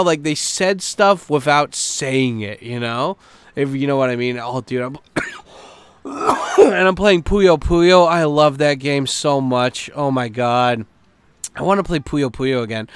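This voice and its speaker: A man's voice: medium pitch, clear, resonant tone, no room sound. A young man hosting a podcast, chatting casually and swearing a lot, with plenty of fillers as he rambles. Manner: profane, animated storytelling with lots of fillers. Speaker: podcast host.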